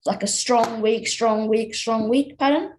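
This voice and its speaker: A woman's voice: a little high, fairly even intonation, unhurried, a little hiss or hum, low-quality recording. A young woman teaching a music theory lesson in a casual, hesitant way, with many fillers and restarts.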